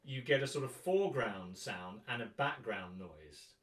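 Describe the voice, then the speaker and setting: A man from England teaching a guitar workshop, thinking aloud in a relaxed way and singing rhythms to count them out. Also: on the low side, measured pace. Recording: roomy, distant mic with loud guitar.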